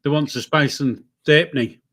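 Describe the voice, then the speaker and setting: A man's voice: a little high, steady tone, a bit bright. Older Yorkshire man, teasing banter. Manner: teasing, quick to laugh, chiming in. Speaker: podcast co-host. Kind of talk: casual chat.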